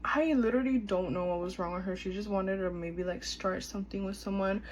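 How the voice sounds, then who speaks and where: This woman in her twenties, a storytime vlogger, speaks at medium pitch and a fairly quick pace on a rough recording with slight background noise. She's chatty and leans heavily on fillers, acting out quoted dialogue as she tells her story.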